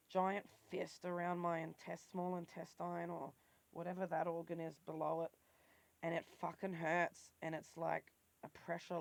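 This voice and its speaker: A woman's voice: on the low side, vocal fry. A woman talking in a raw, emotional confessional vlog and swearing freely. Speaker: vlogger.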